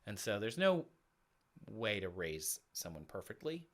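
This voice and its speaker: A man's voice: fairly low pitch, very animated, a little slow, a bit bright. An American man in his thirties chatting casually as a podcast guest, talkative and full of restarts. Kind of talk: casual conversation.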